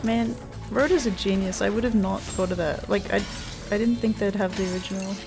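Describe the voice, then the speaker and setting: A woman's voice: medium pitch, brisk. A woman streaming a video game, chatting casually with viewers in a giggly, easily startled way. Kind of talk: casual gameplay chat. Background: faint game music.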